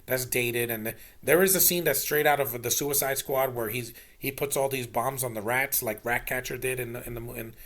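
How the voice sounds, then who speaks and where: Gravelly man ranting about a movie. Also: medium pitch, normal speed, few pauses, a bit bright. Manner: blunt, exasperated, swears, frequent restarts. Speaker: movie reviewer. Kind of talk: casual ranting film review.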